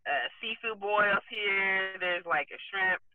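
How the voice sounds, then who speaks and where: Brief: man calling in, high voice, thin phone-like sound, relaxed. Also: slow pace, no room sound. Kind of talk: casual podcast chat. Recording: tinny phone-like remote call.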